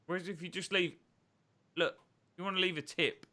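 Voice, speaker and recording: A blunt man chatting on a live stream, his voice bright and a little higher than most. He swears casually and doubles back on his words as he talks. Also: steady tone, normal speed. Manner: blunt, sweary, repeats himself.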